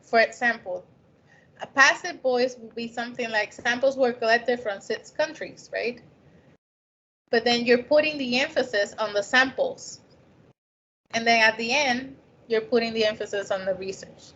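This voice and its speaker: A woman's voice: fairly high pitch, moderate pace, sharp tone. Woman teaching a writing class, not a native english speaker, keeps asking "right?", muffled recording. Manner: conversational, frequent "right?" check-ins. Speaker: lecturer. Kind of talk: lecture on scientific writing. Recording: dull lo-fi recording.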